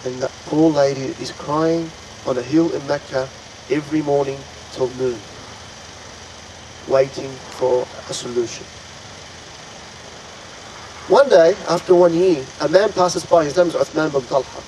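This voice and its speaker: A man's voice: on the high side, unhurried, long pauses, noisy background. A man earnestly retelling an Islamic story to an audience, dramatic and full of pious exclamations. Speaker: religious storyteller.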